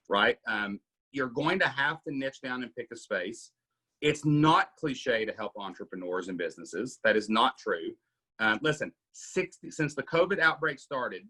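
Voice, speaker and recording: A man's voice: medium pitch, bright, forceful tone, slightly rough. A middle-aged man hosting a casual coaching Q&A, emphatic and often asking "right?". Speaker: podcast host coaching members.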